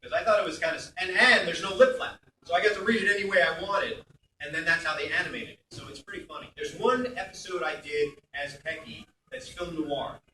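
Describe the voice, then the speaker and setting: Chatty Brooklyn-born voice actor. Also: male voice, fairly high pitch, fairly quick, far from the mic, slight background noise. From Brooklyn, New York. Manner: chatty and animated, jumps into character voices. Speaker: voice actor guest on a convention panel. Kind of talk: convention panel Q&A. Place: convention hall panel. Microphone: phone in the audience. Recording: echoey hall, phone mic from afar.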